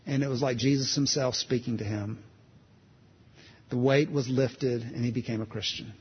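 A man's voice: mid-range voice, steady tone, normal speed, husky, big-room sound, highs cut off. A man preaching a sermon in a conversational, storytelling way, restarting phrases as he goes.

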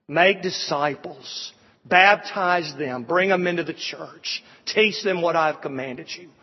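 A man preaching a sermon, quoting scripture and building through repeated appeals. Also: sits high. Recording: dull sound with long hall reverb.

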